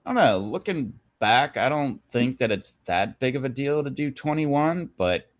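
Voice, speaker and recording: At a moderate pace, an animated man rambles through a casual chat on his video stream, cracking jokes and leaning heavily on fillers. As channel host, he comes through on dull, dry, low-fidelity audio.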